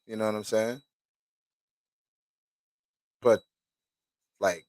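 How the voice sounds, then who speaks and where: A man's voice: on the low side, moderate pace, long pauses, a little mellow, no room sound. A man hosting a show, reading documents aloud and stopping to react with casual, profane commentary. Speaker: host.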